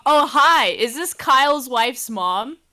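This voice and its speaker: A woman co-hosting a prank-call stream, talking in a hesitant, deadpan way. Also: high voice, takes it slowly. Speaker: stream co-host making the calls. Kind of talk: casual stream banter.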